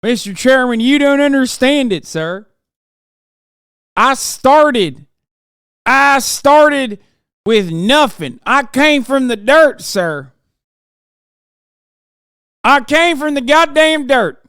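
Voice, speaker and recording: A sycophantic, bootlicking senator grovels in a high, strained, whiny voice, as a man puts him on during a stream. He talks in a loud, mock-servile simper that climbs sharply above a normal speaking pitch. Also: expressive, slow, long pauses, clean tone, no echo, clean studio sound, heavily acted. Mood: groveling. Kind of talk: mocking impression on a stream.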